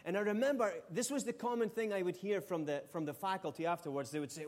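High-voiced Scottish man preaching. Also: fast talker, few pauses. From Scotland. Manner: animated, humorous storytelling with sudden loud outbursts. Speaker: pastor. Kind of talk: sermon.

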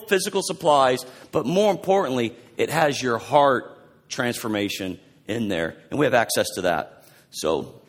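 A male pastor giving a fervent sermon, preaching loudly at close to a yell. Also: mid-range voice, expressive, normal speed. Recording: long hall reverb.

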